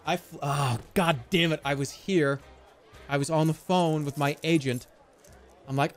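A man streaming a game live, giving excitable, profane, self-mocking commentary as he plays. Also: on the high side, moderate pace, faint music behind.

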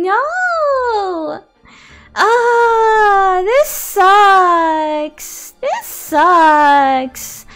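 A young woman commenting on her game live, high-pitched and exasperated, cursing freely and slipping between English and Spanish. Her voice swings widely in pitch while her pace stays unhurried. Faint game music plays behind her. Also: fairly bright tone. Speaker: streamer.

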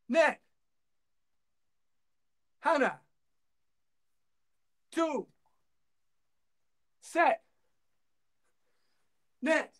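An English martial arts instructor with a Norfolk accent runs an online class, explaining punch technique stage by stage, dropping in "okay?" and shouting counts during drills. His voice sits high, captured from a distance with poor audio.

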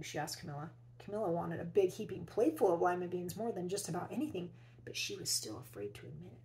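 A woman teacher reading a children's picture book aloud, expressively, and pausing to ask her young listeners questions. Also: lowish voice, very animated, gravelly, a little mellow, poor audio. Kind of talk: children's read-aloud storytelling.

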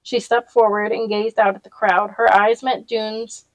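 A woman's voice: mid-range voice, level tone, a little slow, no room sound, poor audio. Woman reading a novel aloud, dry sound. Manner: reads with casual personal asides. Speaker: audiobook reader.

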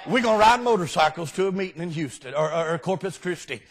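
A man preaching a folksy revival sermon as a guest preacher, often breaking into shouts. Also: sits high, lively intonation, fast talker. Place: church sanctuary.

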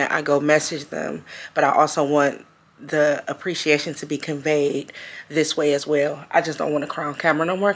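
A woman vlogging in a casual, emotional way, often repeating her own phrases. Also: sits low. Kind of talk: casual vlog talk. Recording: noticeable background noise.

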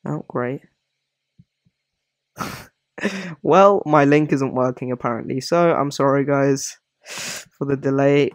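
A man talking casually at a mid-range pitch, rambling and apologizing often as he works through his commentary. The recording is dry and close, with no room echo. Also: slow pace, pauses often. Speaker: gaming video creator. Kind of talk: casual commentary on a character ranking.

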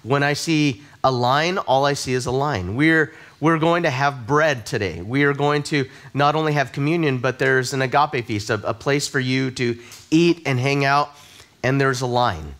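A man's voice: medium pitch, normal speed, fairly bright tone. A man preaching a sermon as a pastor, telling personal stories in a conversational, self-deprecating way and often repeating words as he starts a sentence. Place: church service.

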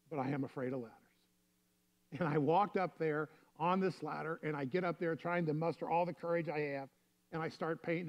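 A man's voice: fairly high pitch, highs cut off. A male pastor preaching a sermon in a conversational, storytelling way.

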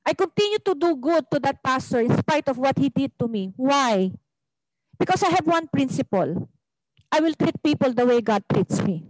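A woman's voice: high-pitched, animated, moderate pace, no echo, low-quality recording. A woman pastor with a Filipino accent preaching a sermon, switching between English and Tagalog and asking the congregation rhetorical questions.

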